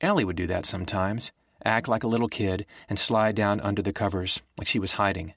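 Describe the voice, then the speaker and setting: A man narrating a thriller audiobook in a steady, measured way. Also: lowish voice, no room sound, studio quality. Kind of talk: scripted narration.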